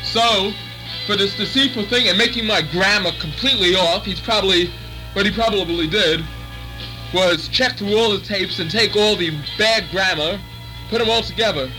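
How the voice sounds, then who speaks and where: A man's voice: sits high, normal speed, music in the background, poor audio. A fan making a theatrical, mock-indignant protest on a home tape, joking about his own voice. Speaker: contributing fan.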